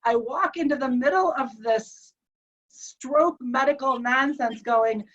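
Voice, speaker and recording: A woman telling an emotional personal story, animated and acting out the dialogue. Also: sits high, slow pace, dull audio. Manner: animated, acts out quoted dialogue.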